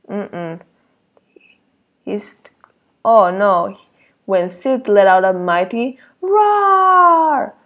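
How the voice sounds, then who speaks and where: A woman early years teacher leads circle time and reads a picture book to small children. She talks very slowly and with a gravelly edge. She exclaims a lot and keeps asking the little ones questions. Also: mid-range voice.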